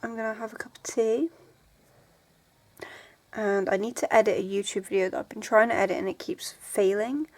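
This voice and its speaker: Tired and sore, this woman in her 20s talks emotionally and meanderingly for her book vlog, peppering her speech with "like" and restarting often. Her medium pitch stays steady at normal speed, broken by frequent pauses.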